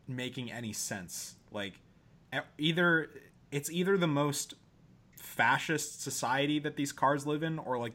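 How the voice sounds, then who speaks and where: A man's voice: medium pitch, sharp tone. A man in casual podcast chat, blunt and teasing, swearing freely. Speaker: podcast co-host.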